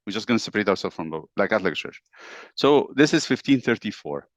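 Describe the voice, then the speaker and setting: Low-voiced male teacher telling history. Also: quick pace, no room sound, muffled recording. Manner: animated storytelling, asks the class questions. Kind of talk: classroom history lesson.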